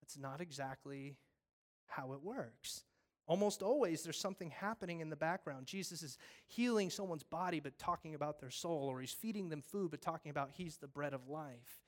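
A man preaching a sermon, animated, acting out scenes with voices and pleading earnestly. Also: fairly high pitch, moderate pace. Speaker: pastor.

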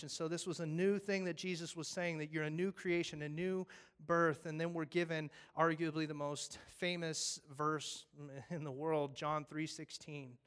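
A man's voice: a little high, moderate pace, clear, resonant tone. A male pastor preaching a casual, conversational sermon that recaps scripture and jokes along the way. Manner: animated storytelling, acting out voices; conversational, jokey asides.

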